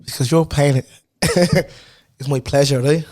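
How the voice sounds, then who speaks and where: A man's voice: mid-range voice, fairly even intonation, unhurried, dark tone. A man who is a podcast guest in a casual chat, teasing his friend and laughing through his words.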